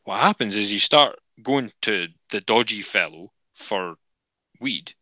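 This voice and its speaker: A man's voice: on the low side, lively intonation, unhurried, sharp tone, no room sound, low-quality recording. A man in a casual podcast chat, opinionated and sweary as he rants.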